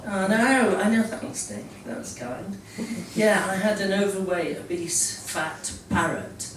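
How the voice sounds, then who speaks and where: A man's voice: sits high, animated, unhurried. Hesitant middle-aged Scottish man doing stand-up. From Scotland. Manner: hesitant, full of ums, laughing at his own jokes. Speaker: stand-up comedian. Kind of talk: stand-up comedy set. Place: small comedy venue with a live audience. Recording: roomy venue recorded from a distance, audience noise.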